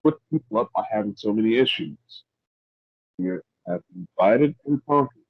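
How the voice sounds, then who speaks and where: A man hosting a podcast, chatting casually in a rambling, halting way with many restarts. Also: medium pitch, animated, dry recording, narrow, tinny audio. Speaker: podcast host. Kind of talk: casual opinionated chat.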